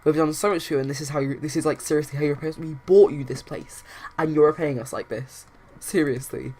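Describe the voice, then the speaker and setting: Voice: mid-range voice, steady tone, fairly quick, a little mellow, slightly rough, lightly acted. A player voicing a stubborn, old-fashioned father scolding his son. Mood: scornful. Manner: scornful.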